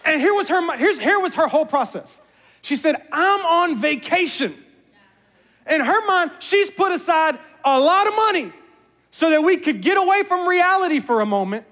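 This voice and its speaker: A man, a pastor, giving a sermon as an animated, self-mocking storyteller. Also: extremely high pitch, normal speed. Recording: long reverb of a large hall.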